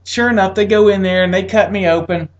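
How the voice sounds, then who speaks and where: A veteran from the Atlanta area of the United States casually tells a personal story, exasperated, acting out what people said to him with rising pitch. He speaks fast in a steady tone, and the sound is lo-fi.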